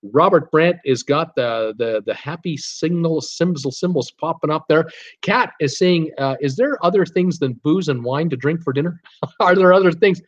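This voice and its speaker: Casting note: man from Canada, stream host reading viewer chat, chatty and rambling, fairly high voice, dull lo-fi sound. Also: moderate pace. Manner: chatty, reads viewer comments aloud with many fillers. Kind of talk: casual live-stream chat.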